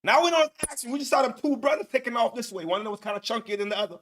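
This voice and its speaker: A man with a strikingly high voice gives loose, excitable commentary, talking over video clips with plenty of slang. He gets loud and animated as he reacts. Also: rapid-fire, slight background noise. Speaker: co-host. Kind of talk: casual commentary.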